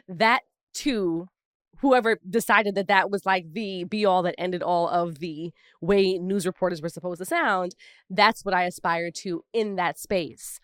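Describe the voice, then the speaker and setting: A woman's voice: fairly low pitch, normal speed, no echo, studio quality. A woman from Brooklyn, co-hosting a podcast and telling personal stories in casual conversation. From Brooklyn, New York. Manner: reflective storytelling with asides. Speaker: podcast co-host.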